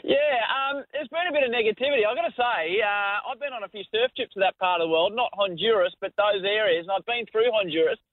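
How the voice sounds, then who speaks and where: A man's voice: high voice, fast, few pauses, dry recording. Chatty Australian man on a phone line. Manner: relaxed, chatty storyteller. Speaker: podcast host, guest. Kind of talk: radio interview.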